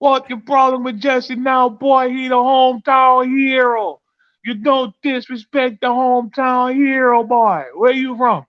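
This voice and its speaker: Dude doing a mad jamaican guy, high pitched, yelling at a customer, kinda dull recording. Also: steady tone, unhurried. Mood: scolding. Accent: imitated Jamaican. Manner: scolding, threatening. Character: angry Jamaican restaurant man.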